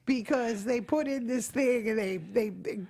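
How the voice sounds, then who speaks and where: Animated storytelling woman host. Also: fairly high pitch, measured pace. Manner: animated storyteller, acts out quotes. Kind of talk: casual interview chat.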